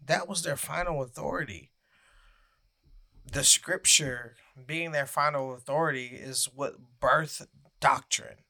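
A man with a bright, forceful voice co-hosts a relaxed podcast chat. He talks earnestly, with easy fillers, and keeps getting hiccups. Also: a little high, measured pace, vocal fry. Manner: earnest, laughs while hiccuping. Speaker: podcast co-host. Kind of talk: casual podcast chat, reading a confession aloud.

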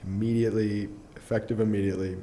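Young adult male guest, low mellow voice, casual rambling storyteller, chuckles often. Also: little pitch movement, fast, slight background noise. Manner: rambling, filler-heavy, restarts often, chuckles through his story. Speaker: podcast guest. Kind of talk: casual personal storytelling in an interview.

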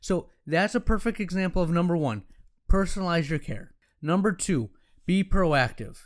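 A man's voice: high voice, lively intonation, normal speed. A man who runs an optometry practice telling a story in a frank, conversational way, quoting himself and others as he goes. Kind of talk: casual storytelling talk.

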